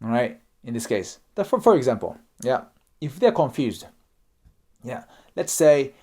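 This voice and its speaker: A man's voice: mid-range voice, sing-song, unhurried, mellow. A Japanese man with a Japanese accent, speaking non-native English as he explains Japanese customs in a casual online lesson, often checking in with "okay?" and "right?". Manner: acts out example dialogues. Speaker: YouTuber explaining Japanese culture.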